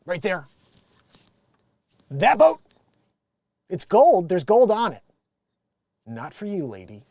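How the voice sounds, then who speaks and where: High-voiced man riffing on the news. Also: no echo, studio quality. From United States. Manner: joking, acts out quotes. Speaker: vlog host reading news. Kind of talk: casual news commentary.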